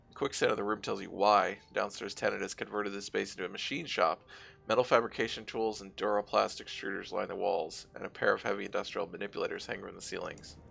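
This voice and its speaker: A man's voice: fairly low pitch, creaky. A man streaming a game, reading its narration aloud with casual asides. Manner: casual asides between steady read narration. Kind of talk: reading a game's text aloud while playing.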